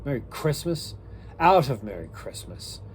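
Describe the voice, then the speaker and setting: A man reading aloud and voicing a grumpy, miserly old man who barks his retorts loudly. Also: mid-range voice, big pitch swings, measured pace, a little hiss or hum, pitched above the performer's own voice. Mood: scornful. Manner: scornful, loud barking retorts.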